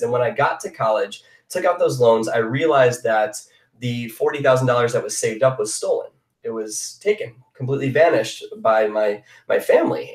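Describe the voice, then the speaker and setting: A young man from the Chicago area sharing a personal story in an earnest, confessional, emphatic way, as a motivational speaker on a live online hangout. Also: mid-range voice. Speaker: motivational speaker, former fitness coach. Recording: roomy sound from a distant mic.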